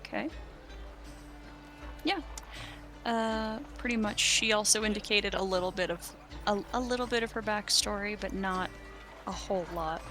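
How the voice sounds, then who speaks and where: A woman's voice: medium pitch, moderate pace, pauses often. Young woman gm'ing a tabletop game, chatty and loose, bit of music faint behind. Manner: casual, laughing, loose with fillers. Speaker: game master. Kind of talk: running a tabletop game session.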